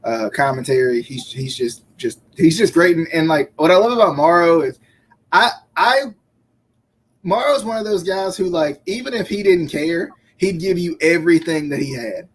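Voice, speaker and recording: A man's voice: fairly high pitch, expressive, moderate pace, breathy edge. A man co-hosting a wrestling podcast in casual chat, often stammering and repeating words as he talks. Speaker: podcast co-host.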